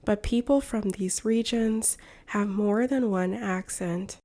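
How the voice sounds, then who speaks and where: A woman from the United States, an English teacher reading a shadowing lesson in slow, carefully separated phrases. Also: medium pitch, warm tone. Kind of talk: slow shadowing practice narration.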